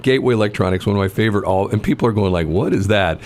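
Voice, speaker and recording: Deep-voiced rambling radio host. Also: male voice, very fast, darkish tone. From St. Louis area, Missouri. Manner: rambling storyteller, laughs often. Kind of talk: casual morning radio chat.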